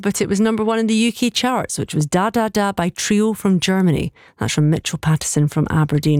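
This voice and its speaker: A woman's voice: mid-range voice, a little mellow, no room sound, clean studio sound. A woman presenting on the radio, reading out a listener's message and introducing the next item.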